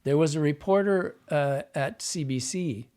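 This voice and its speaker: A man working as a dialect coach and actor, a podcast guest who explains speech habits and drops into quick vocal demonstrations. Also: fairly high pitch, a little mellow.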